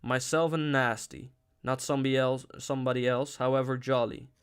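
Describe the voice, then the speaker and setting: A discontented young man who speaks with brooding insistence, as a male reader puts him on. The tone is earnest and a little louder than the narration, close to the reader's own voice. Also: mid-range voice, flat delivery, brisk, smooth, natural voice.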